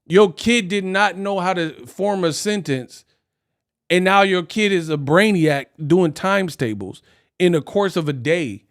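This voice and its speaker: A man's voice: high voice, a little slow. A man hosting a live stream, ranting animatedly in casual talk and laughing often. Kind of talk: casual reaction rant.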